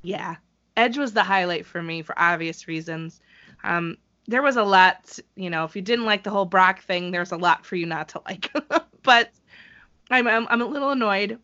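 Woman, co-host, casual chat, excitable, laughs often, bright tone, slightly dull lo-fi recording. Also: mid-range voice, normal speed.

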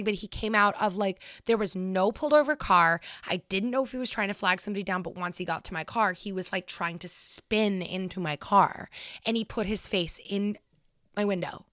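Woman in her twenties, podcast co-host, swears a lot, animated storyteller, dry close sound. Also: mid-range voice, a little fast, dry recording. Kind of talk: casual storytelling chat.

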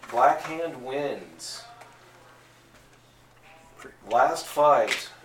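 A man narrating a tabletop game as game master, telling the story in an animated, jokey way, recorded from a distance in an echoey room. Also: medium pitch, drawn-out words, slight background noise. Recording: echoey room, distant mic, faint ambience.

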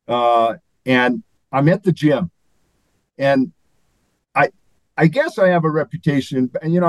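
A man's voice: medium pitch, a little mellow, no room sound, low-quality recording. An older man, a former athlete and guest, telling stories in a rambling, chuckling way. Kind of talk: anecdotal interview storytelling.

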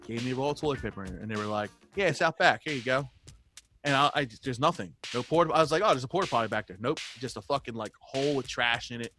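An animated man tells a story in loose, profane chat and laughs often. His voice is bright and forceful. Faint music sits behind him, and he sounds like he is on a video call. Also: mid-range voice, very fast, hardly any pauses.

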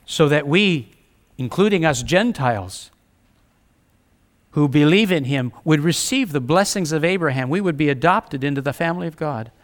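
A man delivering a sermon in an earnest, direct way. His voice sits fairly high. He mixes scripture readings with plain-spoken asides to the congregation. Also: animated, normal speed. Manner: earnest, preaching with rising emphasis and repetition; reads scripture aloud, conversational asides. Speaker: preacher.

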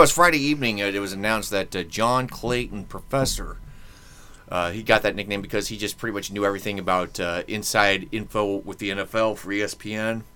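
A man's voice: lowish voice, a bit bright, a little hiss or hum. A man hosting a podcast in casual chat, rambling and joking with many fillers. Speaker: podcast host.

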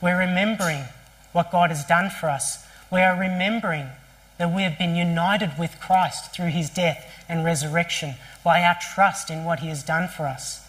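A pastor preaching a sermon at a church service, telling the story vividly with rhetorical questions and quick restarts. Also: mid-range voice, fairly even intonation, fairly bright tone.

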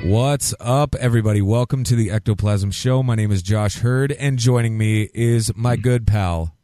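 A man's voice: lowish voice, moderate pace, dark tone, soft background music. Profane joking male podcast host. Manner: joking, profane, laughs easily. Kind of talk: casual podcast chat.

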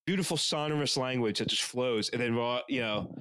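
Man, Northeastern US accent, podcast co-host, profane rambling banter, lively swooping pitch. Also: fairly quick, few pauses, dry recording. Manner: rambling, profane, animated storytelling. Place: on a couch at home.

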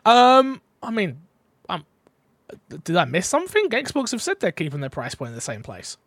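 A man's voice: sits high, huge pitch swings, moderate pace, fairly bright tone, no room sound. A man co-hosting a casual podcast, rambling and teasing, often restarting his sentences. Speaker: podcast co-host. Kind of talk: casual chat.

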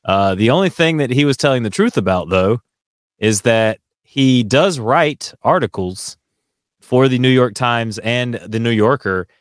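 A man's voice: medium pitch, expressive, measured pace, no echo, clean studio sound. A man co-hosting a casual chat podcast, telling a long story in a rambling way with many fillers and restarts. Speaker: podcast co-host.

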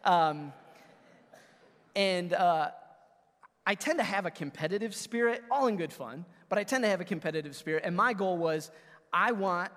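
A man in his thirties, a pastor preaching a conversational, energetic sermon and calling out to his congregation. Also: high-pitched, normal speed, long pauses, long reverb tail. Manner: energetic, conversational preaching with audience call-outs. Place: church sanctuary.

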